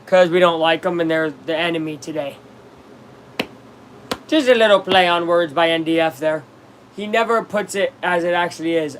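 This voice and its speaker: A man casually commenting on a baseball game on a live stream, chatting with viewers and reacting loudly to plays. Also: on the high side, slight background noise.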